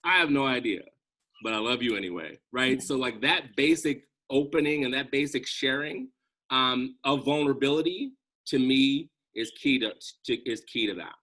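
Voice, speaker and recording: A man's voice: medium pitch, normal speed, sharp tone. A man speaking earnestly as a guest on a video call, reflective and conversational, often checking in with "right?".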